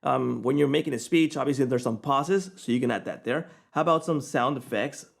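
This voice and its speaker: Chatty man walking through software. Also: mid-range voice, a little fast, gravelly. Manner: casual, chatty, keeps checking in with "okay?". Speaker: software reviewer. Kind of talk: screen-recorded software tutorial.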